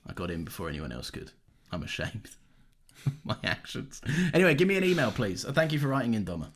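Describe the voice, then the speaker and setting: Brief: male podcast co-host, mid pitch with lots of melody, teasing and profane in casual chat. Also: wildly swooping pitch, a little fast. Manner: swearing, teasing, laughing.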